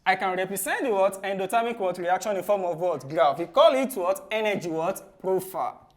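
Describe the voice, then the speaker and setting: A man teaching chemistry for exam preparation. He ends nearly every phrase with "what?" and then answers it himself in a low, soft voice. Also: fairly quick. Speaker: chemistry tutor. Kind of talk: exam-prep lesson.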